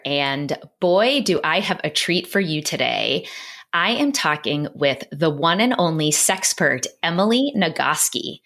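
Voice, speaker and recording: A woman's voice: lowish voice, fairly bright tone. A woman podcast host introducing and interviewing a guest in an earnest, effusive way.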